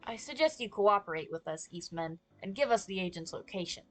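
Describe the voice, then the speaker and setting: A woman's voice: medium pitch, lively intonation, brisk, fairly bright tone, soft background music, lightly acted. A woman voicing a composed male police agent while reading a visual novel aloud, polite but pointed. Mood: stern.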